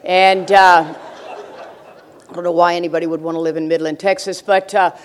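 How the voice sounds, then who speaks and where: A woman's voice: fairly low pitch, flat delivery, normal speed, some chatter behind, slight background noise. An older woman speaking at a recovery meeting, telling stories with brash, joking humor and frequent laughter. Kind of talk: humorous storytelling talk to an audience.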